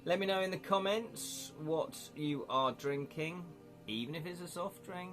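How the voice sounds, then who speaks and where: A man's voice: on the high side, measured pace, music in the background. A man chatting casually on a live stream, rambling a little and reading out viewer comments, from the United Kingdom. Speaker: streamer and illustrator.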